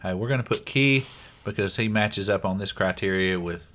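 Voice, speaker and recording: A man's voice: low-pitched, moderate pace, fairly bright tone. Chatty Southern man co-hosting a podcast. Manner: chatty, often says his co-host's name. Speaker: podcast co-host. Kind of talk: casual podcast chat.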